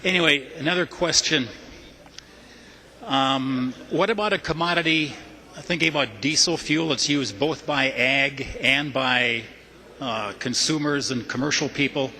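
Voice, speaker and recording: A man's voice: medium pitch, unhurried, sharp tone. A man, a state representative, poses hesitant questions full of "uh" during a legislative floor debate. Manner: hesitant, with many "uh" fillers. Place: large legislative chamber. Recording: long reverb of a large chamber.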